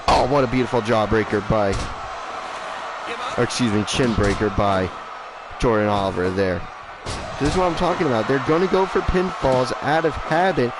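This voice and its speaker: A man working as ring announcer and commentator, stretching out fighter introductions, then calling the action in a chatty, fast-talking way. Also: mid-range voice, noisy background.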